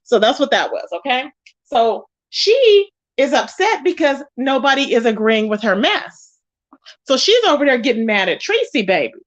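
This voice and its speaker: Sassy high-voiced woman ranting. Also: very animated, no echo. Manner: sassy, confrontational, drawn-out emphatic phrases. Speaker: YouTube commentary host. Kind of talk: casual commentary rant. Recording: dull, lo-fi, dry.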